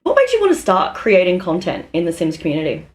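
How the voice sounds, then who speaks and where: A woman hosts a podcast with a bubbly, enthusiastic manner. Her voice sits a little low for a woman, and she chats casually with her guest. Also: huge pitch swings, quick pace. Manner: upbeat, enthusiastic, laughs often. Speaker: podcast host. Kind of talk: casual interview chat.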